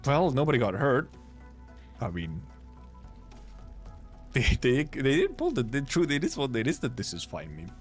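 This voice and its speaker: Man from Finland, native Finnish speaker, streamer, casual joking commentary, mid pitch, faint music behind. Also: wildly swooping pitch, unhurried, long pauses. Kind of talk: reading a game story aloud with commentary.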